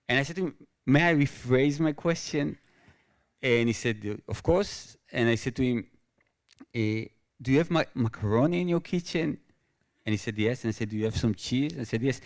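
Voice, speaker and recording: A man from Israel with an Israeli accent, telling a story on stage as a guest author, halting and full of restarts and repeated words. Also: medium pitch. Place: stage at an awards event.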